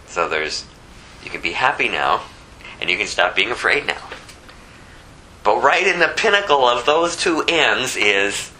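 Male pastor, lowish pitch, very bright tone, chatty sermon style, faint ambience behind. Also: big pitch swings, measured pace, long pauses, slight background noise, poor audio. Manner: conversational preaching, many restarts, rhetorical questions.

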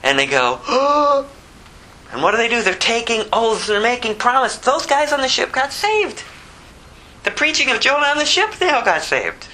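A man preaching a verse-by-verse sermon, telling the story animatedly and swinging from loud to hushed. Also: very high-pitched, animated, brisk, low-quality recording. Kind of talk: expository sermon.

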